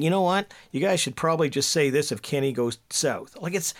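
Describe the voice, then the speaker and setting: A man on a political panel talks in an animated, conversational way, looping through his points with casual fillers. His voice sits a little high for a man. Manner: animated, chatty, strings thoughts with fillers. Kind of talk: political commentary chat.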